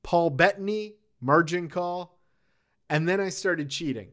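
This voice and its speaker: Male podcast co-host, slightly high voice, animated and laughing, casual chat. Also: measured pace.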